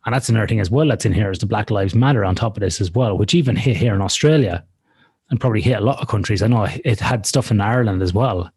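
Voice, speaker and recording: Husky-voiced man chatting loosely on a podcast. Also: on the low side, fast talker, a little mellow. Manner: loose and frank, swears freely, rambles through examples. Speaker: podcast co-host. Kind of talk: casual conversational chat. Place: lives in Australia.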